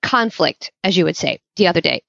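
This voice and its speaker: A woman in her forties hosting a podcast, chatty and animated as she tells stories. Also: lowish voice, brisk, gravelly, no room sound. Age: 40s. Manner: chatty, animated storyteller, laughs often. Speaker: podcast host. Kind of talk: casual interview chat. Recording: dull lo-fi sound, dry.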